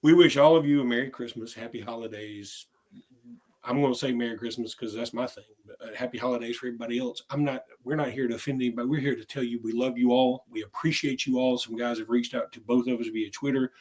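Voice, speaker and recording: Male podcast co-host, middle pitch, loose and rambling storyteller who restarts a lot. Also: steady tone, quick pace, darkish tone. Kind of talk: casual sports podcast chat.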